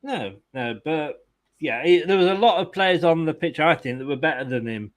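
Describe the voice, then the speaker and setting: A man's voice: a little high, lively intonation, normal speed. A man hosting a fan channel's post-match chat, reading viewer comments aloud with exasperation and the odd swear.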